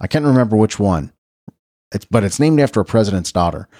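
Lively, chatty middle-aged male radio host. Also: fairly low pitch, quick pace, no echo, clean studio sound. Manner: rambling, self-correcting, chatty asides. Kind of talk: casual birthday and history rundown.

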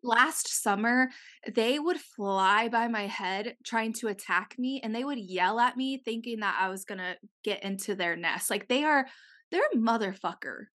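Young female co-host, bright and slightly high, animated storyteller who swears freely. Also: unhurried. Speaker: podcast co-host. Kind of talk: casual chat.

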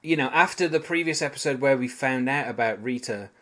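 A British man hosts a podcast, rambling analytically through a sitcom episode with lots of fillers in a casual chat. His medium-pitched voice is a bit bright, and his delivery is brisk.

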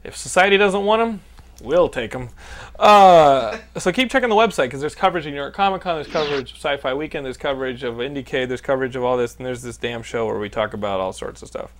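A man's voice: medium pitch, quick pace. A man in his thirties from Texas, hosting a casual podcast and telling rambling, profane stories that he laughs through. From Texas, United States. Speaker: podcast host. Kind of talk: casual podcast chat and storytelling.

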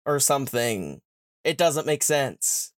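A podcast host retells a book's plot casually and irreverently, swearing and paraphrasing the characters in quick modern slang. His medium-pitched voice has lively intonation, recorded in studio quality with no room sound.

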